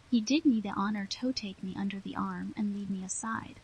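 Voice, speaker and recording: A woman narrating a classic novel in the first person, with a steady, somber reading. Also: medium pitch, a little fast, hardly any pauses, breathy edge, rough recording. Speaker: audiobook narrator.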